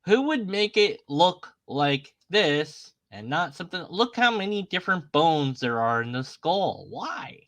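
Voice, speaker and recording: Lively, bright-voiced sarcastic man. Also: fairly high pitch, unhurried, hardly any pauses. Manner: sarcastic, questioning, mocking voices. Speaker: YouTube host. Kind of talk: casual commentary on images.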